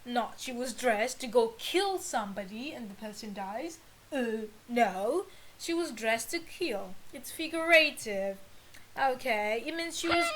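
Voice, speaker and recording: A woman gives an English idiom lesson with a high, light voice. She speaks slowly and deliberately, repeating each phrase so her learners can follow. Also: fairly bright tone, slight background noise, poor audio. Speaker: English teacher. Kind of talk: idiom lesson, slow and explanatory.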